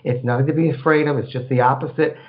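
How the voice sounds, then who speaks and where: Man, mid-pitched radio host, rambling spiritual advice, dull lo-fi broadcast sound. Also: fairly even intonation, fast talker. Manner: rambling, repeats words, acts out inner voices.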